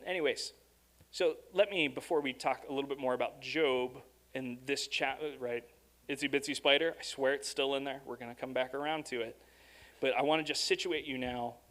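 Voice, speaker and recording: A young adult man preaching as a guest speaker in a church, reading rhyming verse with expression and then telling stories in a lively, casual way. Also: medium pitch. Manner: animated storytelling, reads rhyming verse expressively. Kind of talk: sermon.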